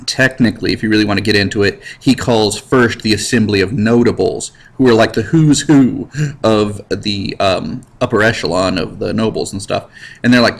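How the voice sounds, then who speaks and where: A man teaching history in a casual, slangy lecture over slides, cracking jokes and putting on quick voices for the people he describes. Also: lowish voice, vocal fry, low-quality recording. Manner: slangy, jokey, animated with put-on voices. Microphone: computer mic while drawing with a mouse.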